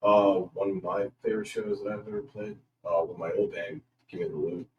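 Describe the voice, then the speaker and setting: Deep-voiced drummer, relaxed and hesitant. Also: male voice, fairly quick, muffled recording. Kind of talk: casual interview chat. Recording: echoey room, distant mic, faint noise.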